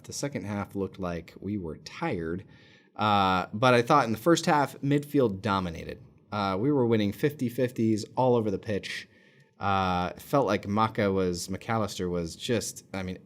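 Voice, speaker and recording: A man hosting a fan channel, giving a casual, excitable match reaction with many fillers. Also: on the low side.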